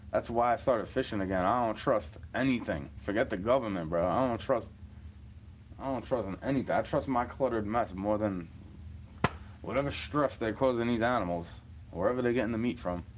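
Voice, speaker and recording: A man's voice: fairly low pitch, moderate pace, a little hiss or hum. A man in his thirties from New York City, ranting in a rambling, profane monologue and chuckling between points.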